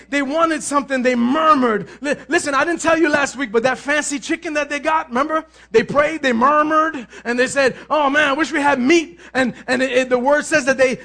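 A male pastor preaching a sermon, swinging from hushed asides to shouted emphasis and acting out other people's complaints. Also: very high-pitched, vocal fry. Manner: acts out complaining voices of others.

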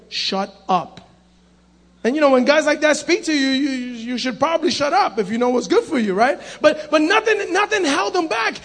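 A man preaching a sermon, animated, acting out the voices in his story and calling out to the congregation. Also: very high-pitched, vocal fry.

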